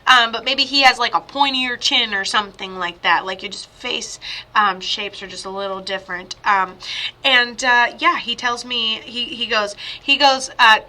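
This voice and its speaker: Bright-voiced chatty woman medium. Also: on the high side, normal speed. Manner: chatty, rambling, soothing reassurance. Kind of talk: live-streamed reading.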